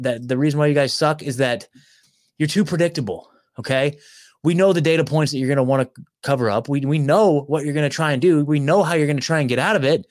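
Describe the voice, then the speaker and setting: A man's voice: mid-range voice, no echo, clean studio sound. Fired-up man ranting on a livestream. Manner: fired-up, taunting, swears a lot; reads news excerpts aloud between rants. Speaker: livestream host. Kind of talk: heated livestream rant.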